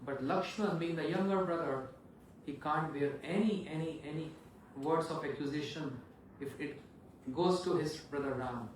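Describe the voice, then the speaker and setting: A man preaching with a dramatic storyteller's flair in a high voice. He sounds distant, his words echoing around a large hall. A faint noise hums beneath. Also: normal speed. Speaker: monk preacher. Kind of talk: sermon storytelling.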